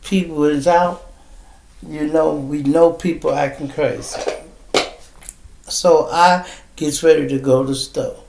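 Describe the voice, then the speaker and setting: A man's voice: a little high, fairly even intonation, measured pace, gravelly, pauses often, noisy background. A man, hosting a podcast and telling a street story in casual, profane talk. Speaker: podcast host. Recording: roomy echo.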